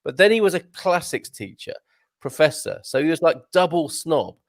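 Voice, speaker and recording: A man tells a jokey story in casual banter, his pitch bouncing up and down in a lively way. His voice sits a little high for a man, and the sound is close and dry. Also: normal speed, dry recording. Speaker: regular of an expat chat show. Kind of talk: casual chat.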